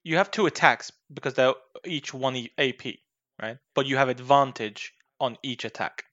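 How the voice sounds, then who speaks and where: A man at a tabletop session explaining the rules to another player, step by step. His voice has a bright, sharp edge and sounds dry and close to the mic. He talks patiently and checks that he has been understood. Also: mid-range voice, moderate pace, no room sound, dull audio. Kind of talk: casual tabletop game chat.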